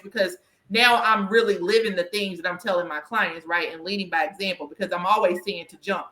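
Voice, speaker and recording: A woman with a Southern US country twang, hosting a podcast conversation in an animated, emphatic way that often checks in with "right?". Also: mid-range voice, fairly quick, roomy sound. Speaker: podcast host and career coach.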